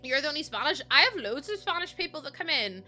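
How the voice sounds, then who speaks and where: Young streamer, woman, bright crisp tone, excitable and quick to laugh. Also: high-pitched, faint music behind. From Northern Ireland. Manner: excitable, gushing, breaks into laughter. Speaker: livestreamer. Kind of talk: casual livestream chat.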